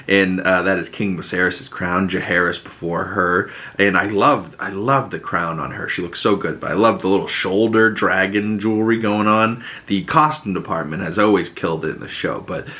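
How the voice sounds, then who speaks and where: A man hosting a podcast, recapping a TV episode in loose, profane casual talk and slipping into quick acted quotes of the characters. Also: low voice, fairly even intonation, pushed and bright. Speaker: podcast host.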